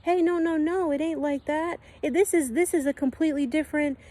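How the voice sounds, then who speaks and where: A woman voicing her calm higher self, who reassures in relaxed slang. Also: a little fast, natural voice. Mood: soothing. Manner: laid-back, soothing slang.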